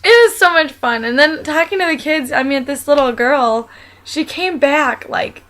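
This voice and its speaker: A woman's voice: sits high, normal speed, fairly bright tone, poor audio. A young adult woman talking casually about her own life, rambling and chatty with many fillers and restarts. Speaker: vlogger. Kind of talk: casual personal monologue.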